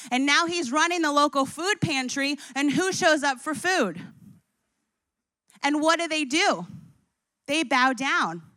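A young adult woman preaching, retelling scripture in a lively storytelling way. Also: sits high, no echo. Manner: storytelling, acts out scripture figures with rising intensity. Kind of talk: sermon.

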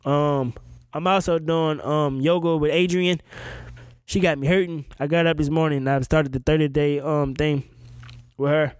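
A man's voice: a little high, normal speed, clear, resonant tone, dry recording, studio quality. A man hosting a podcast in casual chat, ranting animatedly with lots of swearing and laughter. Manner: animated, profane, laughing rants. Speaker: podcast host.

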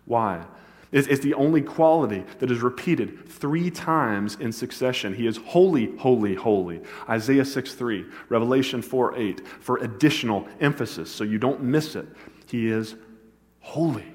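A man preaching a sermon as pastor, animated, building to emphatic peaks. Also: medium pitch. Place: church sanctuary. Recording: long church hall reverb.

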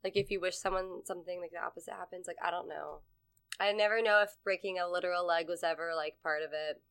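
A woman's voice: lowish voice, fairly even intonation, quick pace, a bit bright, clean tone. A young woman co-hosting a casual podcast chat, rambling and swearing freely with frequent laughs. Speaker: podcast co-host.

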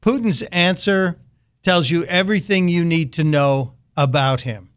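Radio talk guy ranting sarcastically, slightly high voice, restarts here and there. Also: unhurried, clean tone. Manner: sarcastic, mocking. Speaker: radio talk show host. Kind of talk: political commentary monologue.

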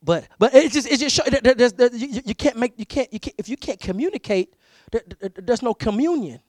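High-voiced man preaching a storytelling sermon. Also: a little fast, no echo, clean studio sound. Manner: animated storyteller who repeats words as he restarts; acts out quoted voices loudly. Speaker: pastor. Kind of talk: conversational sermon with personal stories.

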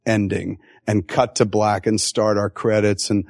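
A man's voice: on the low side, measured pace, creaky, no echo, studio quality. A middle-aged man, a film director, talking casually in an interview and telling stories with acted-out quotes and frequent swearing. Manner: animated, profane storyteller who acts out quotes.

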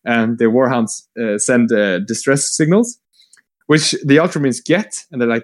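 A man casually retelling a long war story, rambling with fillers, swearing and quick acted-out quotes. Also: mid-range voice. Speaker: podcast co-host retelling lore. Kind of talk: casual chat.

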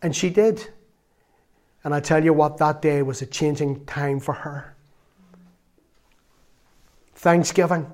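Male lay preacher, fairly high voice, earnest storyteller who breaks into loud exclamations. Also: steady tone, slow pace, long pauses. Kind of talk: sermon.

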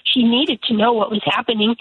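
A woman's voice: fairly high pitch, fairly even intonation, brisk, husky, no room sound. Indignant woman on a tinny phone line. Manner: emphatic, indignant. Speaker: lawmaker guest. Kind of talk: phone-in radio interview. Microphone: telephone.

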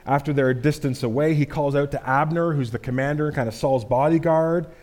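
Man, pastor, sermon, casual chatty delivery, somewhat high pitch. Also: fairly even intonation, a little fast, a little mellow. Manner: conversational, with fillers like "like" and "dude".

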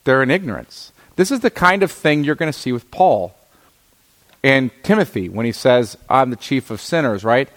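A middle-aged man teaches through a scripture passage in a sermon. He reads each verse aloud, then unpacks it in plain conversational terms, often pausing to check that his listeners follow. His voice sits at an average pitch for a man. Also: lively intonation, a bit bright. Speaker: preacher. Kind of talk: expository Bible teaching.

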